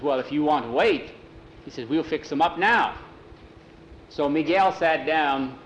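Male oral storyteller, casual folksy telling with character voices, mid-pitched, room echo, faint background hiss. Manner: relaxed folksy telling, slips into broken-English character voices. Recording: roomy, faint ambient noise.

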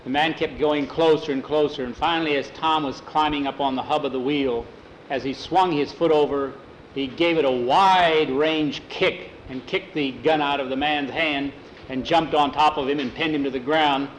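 A man's voice: on the high side, steady tone, normal speed, a little hiss or hum, low-quality recording. A man telling a western story aloud in a folksy way, tagging lines with "he says.". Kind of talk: oral storytelling.

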